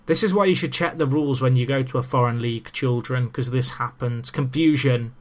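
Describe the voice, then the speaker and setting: A young man in casual let's-play commentary, chatty and excitable with self-mocking asides, talking into a desk microphone. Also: medium pitch, brisk. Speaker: gaming commentator.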